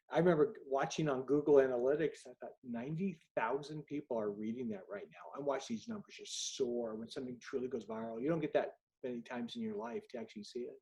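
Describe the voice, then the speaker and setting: A man's voice: medium pitch, warm tone, poor audio. Candid middle-aged man telling stories. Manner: candid, anecdotal, acts out dialogue. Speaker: author guest. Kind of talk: storytelling in an interview.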